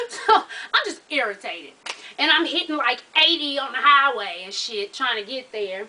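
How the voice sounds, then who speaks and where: A high-voiced woman tells a story fast and loose, swearing freely and acting out each person's lines. Her tone is bright and sharp, and she sits a little back from the mic. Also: distant mic, slight background noise, rough recording. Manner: animated, profane, with vivid re-enacted dialogue. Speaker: vlogger telling a story. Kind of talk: casual storytelling.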